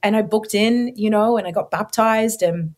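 A young woman as an interview guest, telling her faith testimony with animated storytelling and acting out her own past words. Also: mid-range voice, moderate pace.

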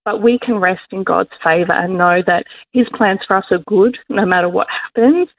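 Emotional woman sharing faith on a phone line. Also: mid-range voice. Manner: emotional, quick to laugh, lively quoting of herself. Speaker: guest on Christian radio. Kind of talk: heartfelt testimony and prayer. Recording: dry phone-line sound.

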